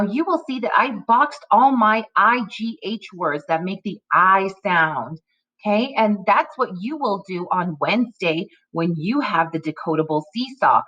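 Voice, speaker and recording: A woman teaching a phonics lesson to young children, drawing out each sound slowly in a sing-song way. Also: medium pitch, a bit bright, muffled recording.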